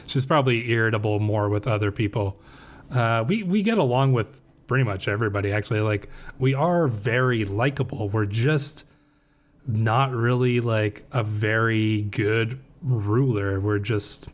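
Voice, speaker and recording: A man's voice: on the low side, measured pace. A man casually talking through his strategy game as a roleplay streamer, musing aloud with frequent fillers and restarts. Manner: relaxed, musing, with frequent fillers and self-corrections.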